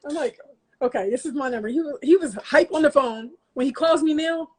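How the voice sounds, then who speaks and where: A woman poet, a guest in an interview, telling her own story in a casual, lively, self-mocking way. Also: high-pitched, a little fast, over a noisy crowd. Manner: lively, self-mocking, slips into quoted voices.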